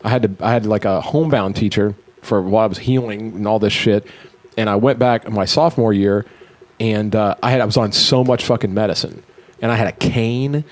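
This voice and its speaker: Fast-talking, foul-mouthed storytelling man. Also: fairly low pitch. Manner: animated, heavily profane storyteller. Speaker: podcast host. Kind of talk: casual storytelling chat.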